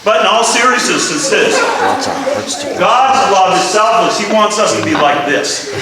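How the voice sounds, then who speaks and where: Male preacher, animated storyteller, bright lively pitch, heard from a distance in a reverberant church with the congregation audible. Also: a little slow, a loud crowd. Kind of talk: sermon with humorous stories. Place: large church hall. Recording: echoey hall, from far off, congregation audible.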